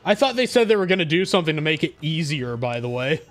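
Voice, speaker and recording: A young man streaming a game and ranting to chat, profane and quick to anger. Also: a little high, big pitch swings. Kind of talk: casual gaming stream chat.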